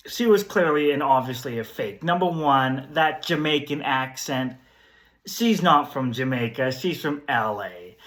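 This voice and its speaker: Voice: mid-range voice, a bit bright. A storyteller host with a laid-back hippie persona and groovy slang, telling a story in a casual vlog.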